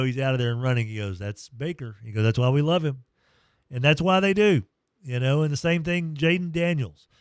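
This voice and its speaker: A man hosts a sports talk show in a loose, chatty way. He acts out what players said as he tells their stories. His voice sits at an everyday pitch and sounds dry and close, with no room around it. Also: a little mellow, smooth, no echo. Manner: storytelling, acting out quotes; reads live sponsor reads. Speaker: sports radio host.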